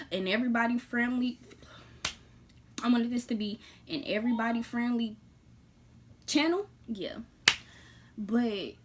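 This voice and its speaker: A woman telling a personal story to her viewers in a casual vlog, blunt and animated, jumping between loud bursts and quiet, hushed asides. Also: medium pitch, a little hiss or hum.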